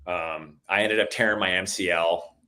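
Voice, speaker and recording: A middle-aged man telling stories in a relaxed conversation, calling the listener "dude" a lot and getting animated at the exciting parts. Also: deep voice, moderate pace. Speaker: podcast guest. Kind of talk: casual storytelling chat.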